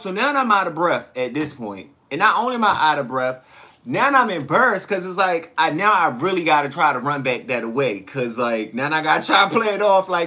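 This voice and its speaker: A man hosting a casual livestream, chatting with viewers and telling stories in a slangy, animated way. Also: sits high, normal speed, lo-fi sound. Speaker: livestream host. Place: home kitchen.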